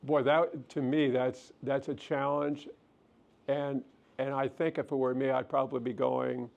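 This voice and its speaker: Gravelly-voiced male counselor giving a lecture. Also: medium pitch, little pitch movement, a little slow, lo-fi sound. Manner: gentle, self-deprecating, thinks aloud with restarts. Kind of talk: relaxed lecture with audience questions. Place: lecture hall.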